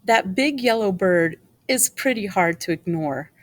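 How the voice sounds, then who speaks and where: Woman voicing an art lesson, plain mid-range voice, clear and explanatory, quizzes the viewer. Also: mid-range voice, lively intonation, measured pace, dry recording. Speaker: art teacher. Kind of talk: scripted educational narration.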